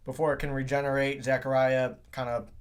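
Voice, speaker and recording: Halting man chatting about comics. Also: mid-range voice, little pitch movement, clean tone. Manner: halting, many likes. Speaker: podcast co-host. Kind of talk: casual comic book chat.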